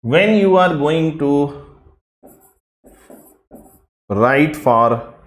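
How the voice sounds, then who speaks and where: A male teacher, giving a live online grammar class and repeating each phrase slowly to drill it. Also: on the high side, animated, reverberant. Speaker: English teacher.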